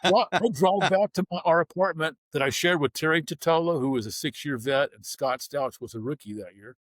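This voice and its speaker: A man's voice: fairly high pitch, fairly quick, dry recording. A man telling his story bluntly in an interview, acting out the people he quotes. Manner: vivid, blunt storytelling with acted-out dialogue. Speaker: guest, former pro football player.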